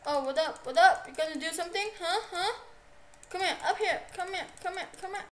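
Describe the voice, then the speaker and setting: Excitable high-voiced young woman streamer. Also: fairly quick, slight background noise, rough recording. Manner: excitable, yelps and repeats herself. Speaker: livestreamer. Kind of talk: live gameplay commentary.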